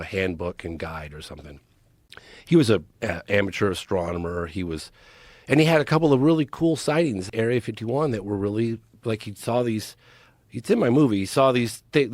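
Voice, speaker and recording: A man's voice: fairly low pitch, a little mellow, no room sound, studio quality. A man telling a long story as a guest on a casual podcast. He talks emphatically and animatedly, with many restarts. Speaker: podcast guest, documentary filmmaker.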